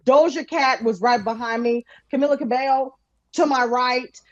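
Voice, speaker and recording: A woman guest on a podcast, telling an animated story with lots of laughter and voices for the people she quotes. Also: high voice, normal speed, dry recording, lo-fi sound. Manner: lively, laughing, acts out quotes in shifting voices.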